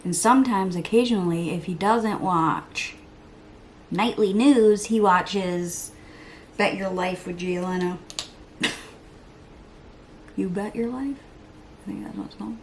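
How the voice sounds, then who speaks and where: A woman in her thirties, a beauty vlogger, chats through a get-ready-with-me makeup session at home, rambling, teasing herself, and now and then muttering or whispering asides. Her voice sits in the mid range and moves at a measured pace with frequent pauses. A faint hiss or hum runs underneath.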